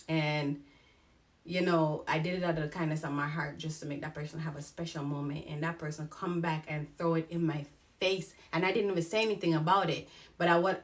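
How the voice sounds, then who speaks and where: A young woman talking candidly to camera in a personal vlog, frank and animated, about her own life. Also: sits low. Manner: frank, animated, mimics others in quoted asides. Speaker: vlogger.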